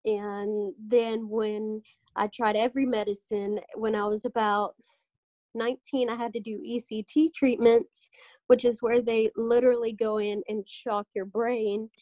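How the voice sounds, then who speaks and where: Animated young woman telling stories, bright voice. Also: on the high side, unhurried, no room sound. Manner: animated storytelling, acting out doctors' lines. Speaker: podcast host. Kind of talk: casual podcast chat.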